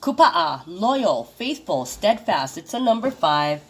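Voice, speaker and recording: A woman's voice: on the low side, very animated, takes it slowly, slight background noise, rough recording. Chatty woman reading tarot cards. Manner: chatty, swears freely, exclaims at the cards. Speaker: tarot card reader. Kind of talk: casual intuitive card reading to viewers.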